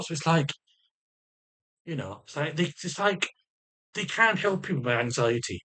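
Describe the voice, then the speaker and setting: Man, casual video diary, heavy swearing, stammering restarts, fairly high bright voice. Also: expressive, normal speed. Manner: rambling, swears heavily, emotional. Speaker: vlogger.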